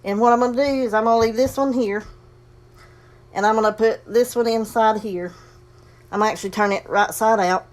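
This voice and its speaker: A woman's voice: on the high side, steady tone, brisk, long pauses. A woman casually demonstrating a sewing project, chatty and folksy, talking herself through each step and breathing a little heavily. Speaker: crafting tutorial host.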